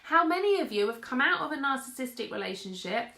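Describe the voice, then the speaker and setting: A woman's voice: high-pitched, big pitch swings, quick pace, vocal fry, pushed and bright, roomy sound. A woman giving an earnest motivational talk, speaking directly to her listeners. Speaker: host.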